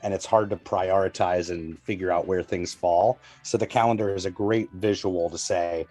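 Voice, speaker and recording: Excited man hosting a podcast. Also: deep voice, moderate pace, hardly any pauses, faint music behind. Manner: excited, promotional, says "you know" a lot. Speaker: podcast host. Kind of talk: casual podcast chat.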